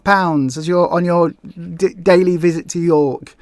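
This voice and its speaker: Chatty man with a high voice. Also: fairly even intonation, measured pace, no room sound, clean studio sound. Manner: chatty, rambling, with frequent restarts and mock-tourist asides. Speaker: host of a weight-loss group livestream. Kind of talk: casual live chat reading viewer comments.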